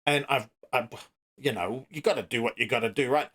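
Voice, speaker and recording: A man playing a clueless, broke crypto founder who rambles evasively in a deadpan way. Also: mid-range voice, brisk, natural voice.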